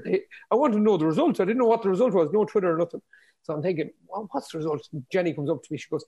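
An Irish man in his forties with a high, husky voice, cohosting a podcast. He tells stories animatedly and acts out the quoted voices. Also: very fast, darkish tone. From Ireland. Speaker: podcast co-host, former footballer. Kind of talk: casual chat.

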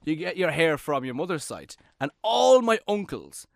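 A man in his thirties co-hosting a podcast in casual chat, jokey and quick to defend himself. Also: fairly high pitch, sing-song, vocal fry, no room sound, clean studio sound. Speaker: podcast co-host.

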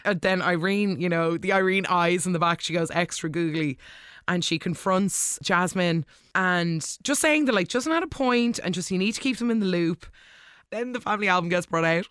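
Recap vlogger: chatty, animated, mid-pitched voice, dry close recording. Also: smooth, no echo. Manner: animated, gushing, quick asides. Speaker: soap opera recap host. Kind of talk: casual episode recap.

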